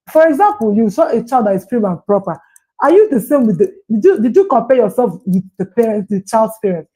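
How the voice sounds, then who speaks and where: A woman's voice: fairly high pitch, dark tone, husky, rough recording. A woman with a Nigerian accent speaking on a parenting livestream panel, earnest and repeating her words with coaxing asides. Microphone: remote call.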